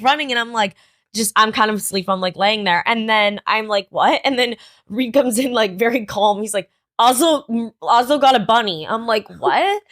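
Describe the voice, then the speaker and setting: A young woman co-hosting a podcast, telling a story in animated casual chat, full of "like" and swearing. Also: mid-range voice, no room sound, clean studio sound. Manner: animated storyteller, heavy "like" filler, frequent swearing. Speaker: podcast co-host.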